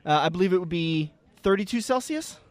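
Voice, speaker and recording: A man's voice: high-pitched, animated, fairly quick. A man from the American Midwest hosting a racing radio show, joking with a guest and plugging an event. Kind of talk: casual interview chat.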